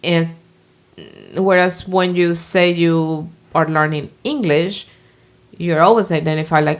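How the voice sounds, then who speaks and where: A woman with a Venezuelan accent whose first language is Spanish, speaking low in her range with a gravelly edge. She talks as a podcast guest in an expressive, animated way. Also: measured pace. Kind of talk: podcast conversation.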